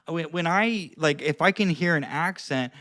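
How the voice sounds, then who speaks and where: A man's voice: fairly high pitch, normal speed, a bit bright, no room sound, clean studio sound. Rambling man giving dating advice. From Florida. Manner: rambling, lots of "like" and restarts. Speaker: dating and social skills coach. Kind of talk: casual advice talk to camera.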